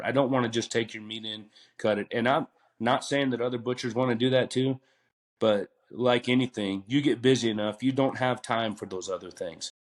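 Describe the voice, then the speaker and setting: A talkative retired butcher in his fifties tells long stories during a casual podcast interview. His voice is mid-range, and he rambles with fillers and restarts.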